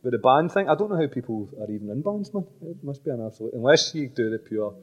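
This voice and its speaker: A Scottish musician chatting casually backstage in a festival dressing room, relaxed and rambling with plenty of slang. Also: male voice, medium pitch, quick pace. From Scotland. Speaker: musician guest.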